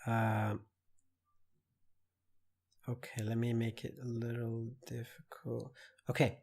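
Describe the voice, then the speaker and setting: A man teaching an online English lesson, explaining slowly and deliberately with many spoken examples. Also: medium pitch, monotone, vocal fry, a little mellow, husky.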